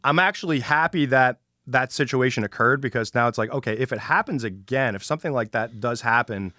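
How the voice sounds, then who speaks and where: A man's voice: mid-range voice, fairly quick, bright, forceful tone, no room sound, studio quality. A middle-aged man hosting a podcast, telling a story in casual chat, acting out quotes and swearing freely. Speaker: podcast host.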